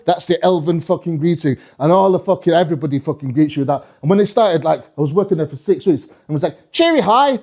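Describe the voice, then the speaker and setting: A male stand-up comedian with a fairly high voice tells a long story. He rambles, swears freely and keeps breaking off to restart his sentences. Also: dark tone. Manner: rambling, sweary, self-interrupting.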